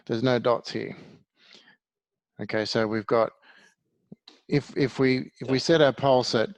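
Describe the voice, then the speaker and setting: A man's voice: medium pitch, fairly even intonation, moderate pace, vocal fry, pauses often, dry recording. A man teaching a one-to-one music lesson, patiently explaining things step by step.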